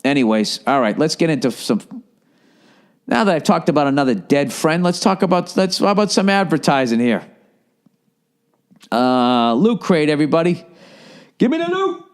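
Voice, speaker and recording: A man in his forties with a Boston accent, rambling through a profane, casual podcast monologue, dropping to low mumbles and rising to loud bursts. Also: lively intonation, moderate pace, pauses often, clean tone. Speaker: podcast host.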